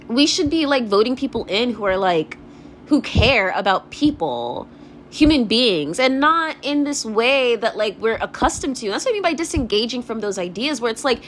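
A woman's voice: sits high, slight background noise. A young woman delivering a vlog rant, profane and frustrated, with a constant stream of "like" fillers. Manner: rapid, profane, filler-heavy ranting with constant "like". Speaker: vlogger. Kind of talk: ranting vlog monologue.

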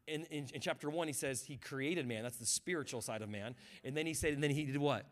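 A man serving as guest pastor preaches at a quick pace, his voice leaning high. He opens with quiet reflection, builds to fervent shouting, and prompts the congregation to answer.

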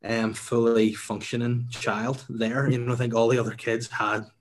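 A young man, telling a funny story in casual chat, animated and laughing, swearing freely. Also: mid-range voice, moderate pace.

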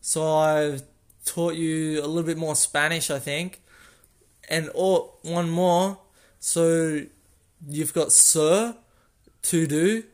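A man hosting a casual solo podcast, recorded on a phone, explaining things in a slow, rambling way and correcting himself as he goes. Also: on the high side, fairly even intonation. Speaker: podcast host.

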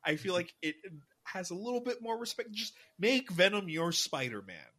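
A man's voice: high voice, sing-song, moderate pace, bright, forceful tone, husky. A man co-hosting a casual podcast chat, wry and hedging as he talks. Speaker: podcast co-host.

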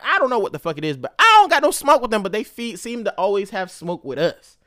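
A young man hosting a casual solo podcast, telling stories in a profane, slangy, animated way. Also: high voice, quick pace, no echo, studio quality. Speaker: podcast host.

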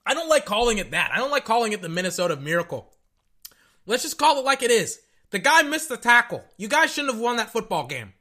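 A young man giving casual, rambling reaction commentary on a football game, excitable and tripping over his words. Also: very high-pitched, brisk. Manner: excitable, rambling, stutters and repeats himself.

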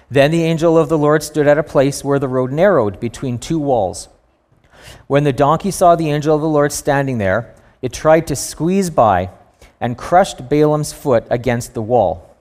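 A man preaching a sermon to a congregation, telling a Bible story in a lively, storytelling way with playful asides. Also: fairly high pitch, moderate pace. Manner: storytelling, animated with voiced asides.

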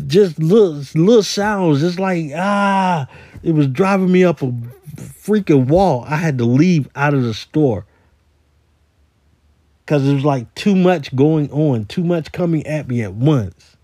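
Rambling man with a mellow voice. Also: on the high side, takes it slowly, no echo, studio quality. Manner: rambling, repeats words, animated complaining. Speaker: retail store worker. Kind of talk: casual voice-message storytelling.

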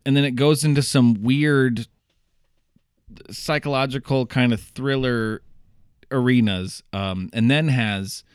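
A man's voice: mid-range voice, slow, smooth, no room sound, clean studio sound. A young adult man hosting a casual movie-review podcast, laughing often and swearing casually. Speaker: podcast host.

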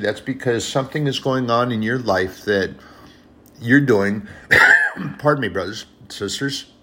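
A man's voice: medium pitch, a bit bright, slightly rough. A man preaching an informal sermon in an earnest, conversational way, often repeating phrases and addressing brothers and sisters.

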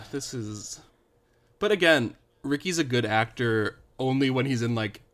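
A man's voice: medium pitch, animated, slow, fairly bright tone. A man co-hosting a podcast, recapping a TV show in casual chat, rambling along with lots of "like" and the odd sigh. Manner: rambling, with frequent "like" fillers and sighs. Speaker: podcast co-host.

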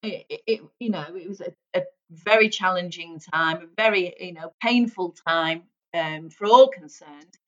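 A woman in her forties from Merseyside, England, with a light local accent, chats as an interview guest; she's a hypnotherapist who is effusive and gushing and laughs often. Her voice is lowish, at normal speed with few pauses, and the audio is dull and lo-fi.

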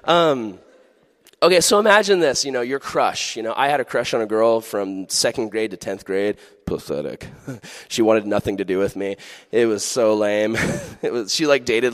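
A man preaches a youth sermon from the pulpit, playful and animated, with sudden shifts into soft earnestness. His voice sits in the middle range for a man. A long hall reverb follows every line. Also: medium pitch. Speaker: pastor.

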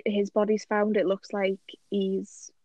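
A woman's voice: mid-range voice, monotone, unhurried, darkish tone, no echo. A woman, co-hosting a podcast and chatting casually, retelling a story with eager restarts. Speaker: podcast co-host. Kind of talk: casual chat.

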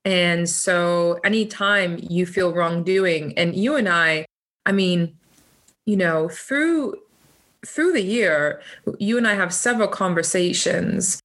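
A woman in her thirties speaks in a slightly low voice during a casual conversation. She talks reflectively, often pausing and restarting as she works through her thoughts. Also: fairly bright tone. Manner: hesitant, many restarts and fillers. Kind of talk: casual chat.

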